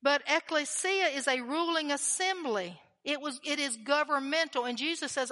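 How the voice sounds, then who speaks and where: Woman preaching, high bright voice, all fired up, big echoey hall. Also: normal speed, hardly any pauses. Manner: fervent, emphatic, repeats lines for stress. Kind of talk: sermon.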